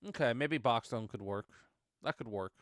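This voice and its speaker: A man's voice: medium pitch, normal speed, fairly bright tone, no echo, studio quality. A young man streaming a game, chatting casually in an exasperated, grumbling way and swearing freely. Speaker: gaming streamer. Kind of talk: casual gaming chat.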